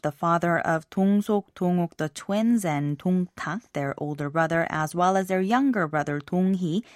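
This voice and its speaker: A woman reads a scripted language lesson. She explains each example phrase clearly and pronounces it carefully. Her voice sits fairly low, and the recording is dry and close with no room sound. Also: darkish tone, no room sound.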